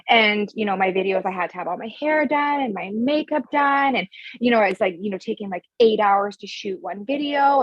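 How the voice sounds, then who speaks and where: A woman's voice: fairly high pitch, breathy edge, no echo, dull audio. A woman coach talking frankly and emphatically as a podcast guest, swearing freely as she tells her story. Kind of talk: casual podcast conversation.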